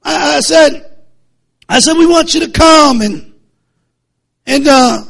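A male preacher, delivering a fiery sermon that swings from low muttering to shouting, with many repeated words. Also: slow, creaky.

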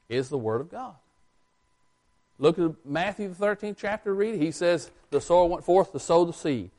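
Man, preacher, sermon, emphatic, swinging from loud to quiet, fairly high voice. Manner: emphatic, rising and falling, asks the congregation questions.

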